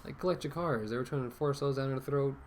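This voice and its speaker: A man's voice: medium pitch, fast talker, slight background noise. A man ranting casually to camera as a vlogger, rambling with many fillers and restarts, talking through a mask.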